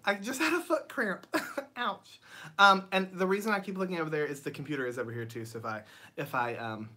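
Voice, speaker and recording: Talking fairly quickly in a lowish voice, the host of a home-studio livestream keeps things casual. She greets people by name, reads chat comments aloud, and her chatter is full of ums and bright laughs.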